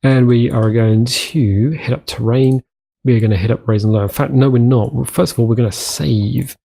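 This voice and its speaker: A man's voice: medium pitch, fairly even intonation, moderate pace, gravelly, mellow. A young man hosting a casual game commentary, chatting to himself in a rambling way and repeating words as he works. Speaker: gaming channel host. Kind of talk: casual let's-play commentary.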